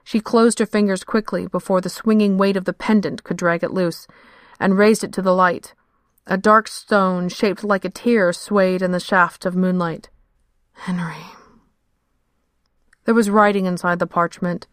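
A woman narrating a fantasy story in a measured, steady storytelling manner. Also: medium pitch, smooth, dry recording, clean studio sound. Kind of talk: scripted fiction narration.

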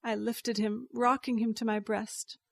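Woman narrator, higher voice, unhurried, dry studio read. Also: flat delivery, vocal fry, no echo. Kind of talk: scripted story narration.

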